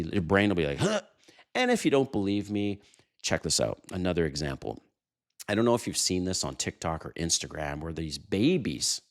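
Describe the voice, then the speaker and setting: A man hosting a dating advice channel, talking casually and animatedly to viewers, telling quick stories and chuckling. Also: sits low. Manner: animated storytelling, chuckles, addresses viewers directly. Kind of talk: casual advice monologue to camera.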